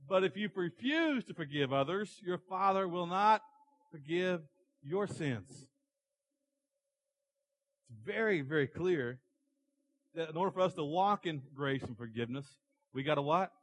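A man preaching a sermon to his church, animated as he tells stories and acts out characters. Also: a little high, slight background noise, rough recording. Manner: animated storytelling, acting out characters in the parable. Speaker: pastor.

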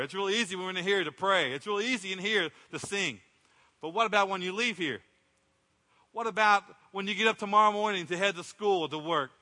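Long church-hall reverb surrounds a middle-aged man preaching from the pulpit. Speaking with a high, sharp voice, he tells his sermon as a conversational story and acts out people's remarks.

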